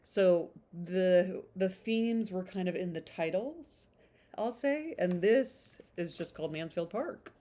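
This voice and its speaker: A woman's voice: on the low side, lively intonation, slow, mellow. A woman chatting casually as a book vlogger, rambling with lots of filler words and restarts. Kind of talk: casual chat about a novel.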